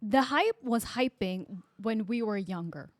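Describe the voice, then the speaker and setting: A woman hosting a casual chat, talking in a lively way, laughing often and mimicking voices. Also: mid-range voice, unhurried, dry recording. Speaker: podcast host.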